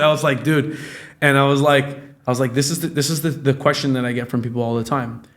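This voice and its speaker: A man's voice: medium pitch, fast. A man in his late twenties talking casually and acting out the people in his stories, with plenty of profanity. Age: 20s. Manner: animated storytelling, profane, acts out quoted dialogue. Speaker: guest, real estate business owner. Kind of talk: casual podcast conversation.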